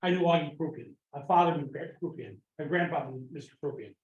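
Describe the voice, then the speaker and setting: A man's voice: on the high side, fast talker. A man in his fifties speaking bluntly and scornfully at a town meeting public comment. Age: 50s. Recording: echoey room, dull lo-fi sound.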